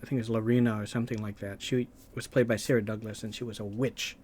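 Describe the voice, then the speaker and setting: A man's voice: fairly low pitch, level tone, fast talker, darkish tone, a little hiss or hum. A man making gaming videos, ranting casually and rambling, with lots of hesitations and restarts.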